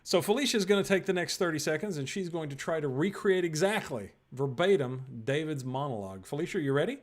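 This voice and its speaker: A man hosting an online improv show over a video call, briskly directing the players. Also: on the high side, animated. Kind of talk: hosting a virtual improv game.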